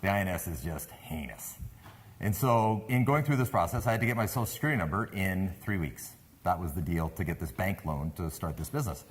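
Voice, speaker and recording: Before a live crowd, a man with a Canadian accent gives a lively sales talk, spinning a story and quizzing listeners. He speaks a little fast in a low, slightly rough voice.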